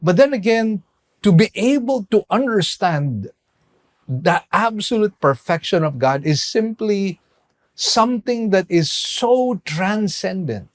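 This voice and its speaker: Male pastor, sermon delivery, slightly high pitch, slow deliberate pacing with emphatic pauses. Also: lively intonation.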